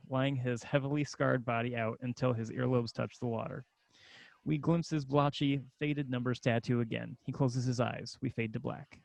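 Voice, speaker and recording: A man's voice: mid-range voice, vocal fry, a little mellow, dry recording. A man narrating screenplay stage directions in a matter-of-fact way.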